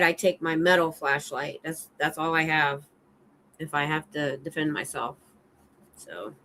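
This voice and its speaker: A middle-aged woman, a security guard hosting a casual livestream chat, telling animated stories from her work. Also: fairly low pitch, slight background noise, poor audio. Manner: animated storyteller, acts out her own shouts.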